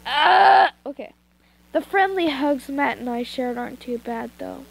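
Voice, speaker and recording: An expressive woman with a high voice and vocal fry reads fanfiction at a moderate pace. The phone recording is poor, and her amateur reading is informal, interrupted by asides and retakes.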